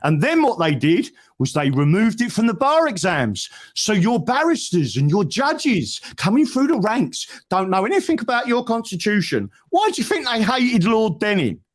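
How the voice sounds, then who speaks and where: A man's voice: high-pitched, big pitch swings, moderate pace, few pauses. A man telling a story in a casual, emphatic chat and often tagging "right?". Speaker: guest.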